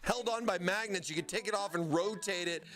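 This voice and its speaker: A man's voice: high voice, a little fast, fairly bright tone. A man hosting a casual product livestream, rambling and often stammering and repeating words. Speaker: livestream host.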